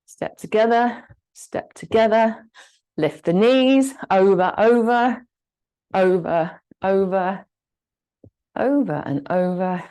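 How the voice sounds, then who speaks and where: A woman leads a gentle exercise session at an unhurried, patient pace, breaking each movement into short spoken cues. Her voice sits at an ordinary middle pitch. She encourages the listener as she counts through each step. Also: poor audio. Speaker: fitness instructor. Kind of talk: guided exercise class.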